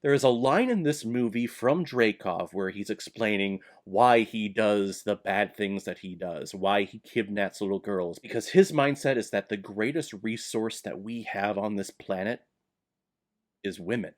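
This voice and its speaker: A man giving a casual, enthusiastic movie review, his voice jumping up in pitch now and then. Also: unhurried. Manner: enthusiastic, animated with sudden jumps in pitch.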